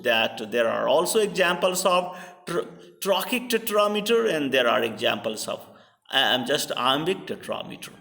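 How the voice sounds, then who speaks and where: A man with an Indian English accent giving a literature lecture, pausing often with fillers and restarts. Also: a little high, bright, forceful tone. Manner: hesitant, many fillers and restarts. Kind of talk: classroom lecture. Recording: reverberant hall, voice from far off.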